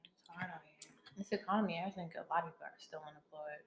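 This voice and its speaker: A woman's voice: lowish voice, steady tone, fast, slight background noise. A woman co-hosting a podcast who jokes and laughs easily in casual chat. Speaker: podcast co-host. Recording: roomy echo.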